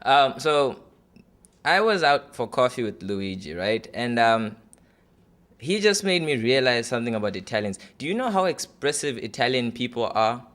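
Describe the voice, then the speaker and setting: A man's voice: mid-range voice, sing-song, moderate pace, a bit bright. A man in his twenties performing a stand-up comedy audition set, loose and chatty with many fillers. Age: 20s.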